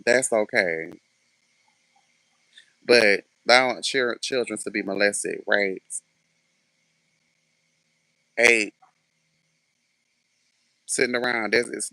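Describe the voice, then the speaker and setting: A man's voice: lowish voice, slow pace, vocal fry, pauses often, bright, forceful tone, no room sound. A man ranting casually to camera in a sassy, sarcastic way, swearing freely. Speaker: vlogger.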